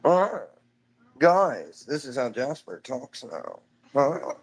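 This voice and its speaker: A man's voice: medium pitch, very animated, slow pace, breathy edge. A man streaming live from home, chatting casually in a loose, rambling way, swearing offhand and calling everyone "dude".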